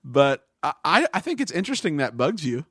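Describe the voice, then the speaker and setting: A man's voice: on the high side, very animated, a little fast, breathy edge, no echo. A male podcast co-host explaining politics in a casual chat, with dry humor. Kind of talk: casual discussion.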